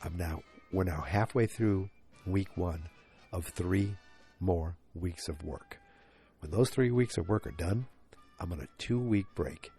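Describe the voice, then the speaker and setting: A man with a congested, nasal voice hosts his podcast alone from the couch, speaking into a handheld recorder. His voice sits a little low with a soft, mellow tone. He chats loosely and thinks out loud, often wandering off on side remarks. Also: a little slow, creaky, husky, soft background music. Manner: chatty, thinking aloud, easily sidetracked. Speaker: podcast host. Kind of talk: casual solo podcast chat. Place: living room couch at home.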